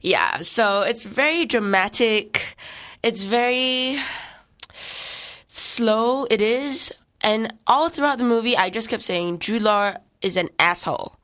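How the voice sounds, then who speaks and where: A woman's voice: fairly high pitch, slow pace, fairly bright tone. A woman co-hosting a casual film review chat, retelling plots in a rambling way and laughing often.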